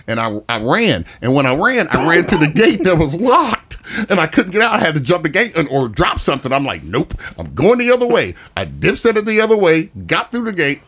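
A man's voice: fairly high pitch, big pitch swings, a little fast, a bit bright. A young man casually telling a funny story on a podcast, laughing often as he talks. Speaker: podcast co-host.

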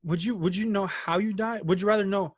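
A man's voice: high-pitched, fairly even intonation, fairly quick, breathy edge, dry recording, clean studio sound. A young man co-hosting a casual podcast in a small room, joking and slangy. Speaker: podcast co-host. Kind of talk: casual chat.

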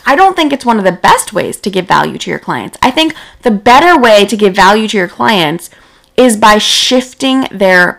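Tired young woman coach rambling casually on her podcast, bit of vocal fry. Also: on the high side, fairly bright tone. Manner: casual, conversational, lots of "right?" and "like". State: tired and yawning, late at night. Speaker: podcast host, business coach. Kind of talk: solo podcast talk.

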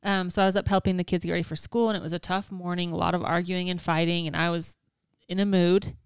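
A woman's voice: on the low side, level tone, quick pace, clean tone, no echo, studio quality. A woman in her thirties co-hosting a parenting podcast, chatty and laughing as she tells stories about her family. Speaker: podcast co-host. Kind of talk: casual chat.

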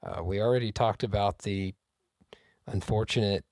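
A man with a lowish voice hosts a casual podcast chat, making wry jokes and wandering through his points. The sound is dry and close, with no room around it. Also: moderate pace, darkish tone, no room sound. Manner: wry, joking, slightly rambling. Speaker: podcast host.

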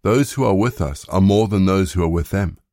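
A man reading the lines of a stern old male prophet in a grave, measured way, close to his own voice. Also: sits low, dark tone, no room sound. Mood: solemn.

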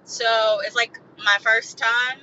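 Woman podcaster, bright high voice, agitated profane rambling vent, slightly lo-fi sound. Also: level tone, slow pace, slight background noise. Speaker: podcast host. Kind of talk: solo venting podcast.

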